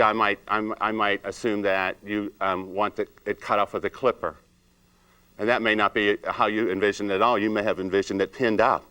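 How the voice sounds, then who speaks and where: With a clean tone on the low side, a man leads a salon training seminar. He animatedly acts out client chats in a raised voice and asks the room rhetorical questions.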